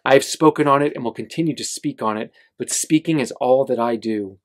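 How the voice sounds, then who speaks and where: Guy reading as a young priest, kind but firm, turning someone down calmly, at a bookstore reading. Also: medium pitch, lightly acted. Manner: measured, gently refusing. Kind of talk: reading a novel aloud.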